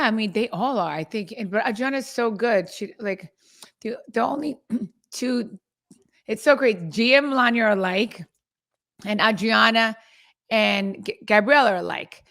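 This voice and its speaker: Bright-voiced middle-aged woman, halting chat. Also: a little high. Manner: halting, restarts often, reflective. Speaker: podcast co-host. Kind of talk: casual chat.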